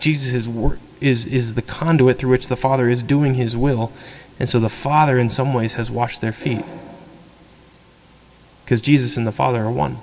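A man preaching a homily in a relaxed, conversational way, acting out quotes with lively energy. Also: medium pitch, creaky, long reverb tail. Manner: conversational, animated, acts out quotes. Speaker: priest. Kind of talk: sermon. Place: church.

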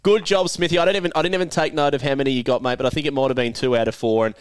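An Australian podcast host talks very fast in a clean, medium-pitched voice with fairly even intonation and no echo. Feeling a bit unwell, he still jokes, teases, and laughs often while chatting with a guest and running a quiz.

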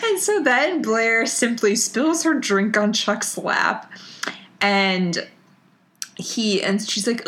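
An American woman co-hosting a podcast recaps a TV episode in casual, giggly chat, laughing often, leaning heavily on "like" and drawing out her stories. Her voice is a little high and fairly bright, with big pitch swings.

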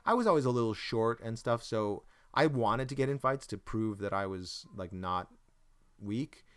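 A man with a smooth, resonant voice, hosting a relaxed conversation. He rambles, trails off while he hunts for the right word, and pokes fun at himself. His voice sits on the low side. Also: normal speed. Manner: rambling, searches for words, self-deprecating jokes. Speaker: podcast host. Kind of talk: casual chat.

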